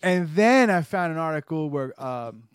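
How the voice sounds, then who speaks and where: A man's voice: on the high side, animated, moderate pace, clear, resonant tone, dry recording, studio quality. Teasing, laughing male podcast co-host. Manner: teasing, laughing, playful needling. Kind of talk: casual chat.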